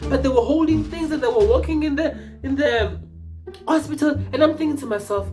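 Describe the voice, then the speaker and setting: A young man from Mpumalanga telling a personal story in a rambling, animated, casual way, with swearing and restarts. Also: extremely high pitch, a little fast, over music. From Mpumalanga, South Africa.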